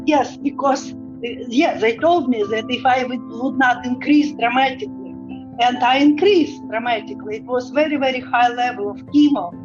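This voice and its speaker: Woman, high-pitched, tearful testimony over music, dull lo-fi audio. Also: moderate pace. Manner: emotional, grateful, in non-native English. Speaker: interviewee giving testimony.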